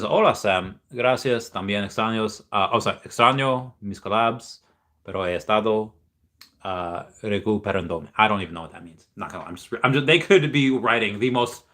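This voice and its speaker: A young man hosts a relaxed livestream, rambling cheerfully and answering viewer comments as they come in. His voice sits low but sounds bright and forward. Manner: rambling, upbeat, reads viewer comments aloud. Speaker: livestream host reading chat. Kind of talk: casual livestream chat.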